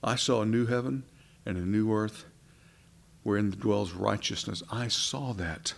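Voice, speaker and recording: A man preaching a sermon in an earnest, conversational way, asking his listeners questions and swinging between soft and emphatic delivery. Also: lowish voice, unhurried, creaky. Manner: conversational, asks the congregation questions.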